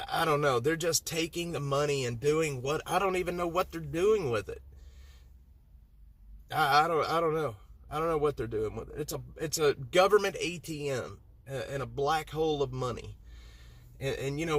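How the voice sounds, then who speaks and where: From inside a vehicle, a man hosts a livestream, answering viewer comments heatedly while talking in circles and repeating himself. His voice is on the high side and a bit bright.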